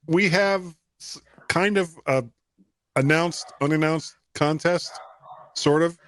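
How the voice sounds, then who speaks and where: A man's voice: fairly high pitch, slow, dry recording, studio quality. A man hosting a podcast in casual chat, loose and rambling as he explains. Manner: relaxed, rambling with restarts. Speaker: podcast host.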